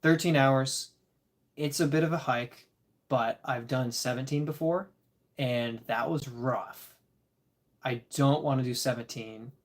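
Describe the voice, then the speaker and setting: A man's voice: medium pitch, measured pace. A tired man casually chatting with his live-stream audience, chuckling and rambling as he reads the chat. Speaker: disc golf livestreamer reading chat.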